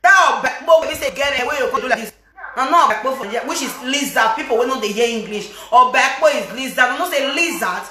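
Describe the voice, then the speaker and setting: A woman vlogger with a Nigerian Pidgin accent, gossiping and scolding in animated casual commentary, mixing Pidgin with a local language. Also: high-pitched, fast talker, few pauses, reverberant.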